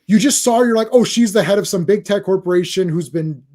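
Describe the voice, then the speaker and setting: A man with a high yet mellow, dark-toned voice. He talks reflectively and agreeably in a casual movie discussion. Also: a little fast. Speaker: podcast co-host.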